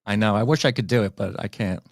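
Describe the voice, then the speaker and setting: A man's voice: lowish voice, fast, creaky, no echo, clean studio sound. An English man hosting a casual interview, effusive and gushing with praise for his guest. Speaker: podcast host.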